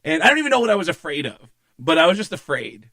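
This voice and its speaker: A male comedian telling animated, profane anecdotes as a guest in a casual interview. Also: a little high, fast talker, no room sound. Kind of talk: storytelling in a casual podcast interview.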